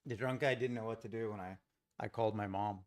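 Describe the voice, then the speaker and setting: A man from Los Angeles hosting a live day-trading stream, chatting casually with viewers in a relaxed, rambling way and chuckling often. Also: fairly low pitch, fast. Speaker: day trading livestream host. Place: home trading setup.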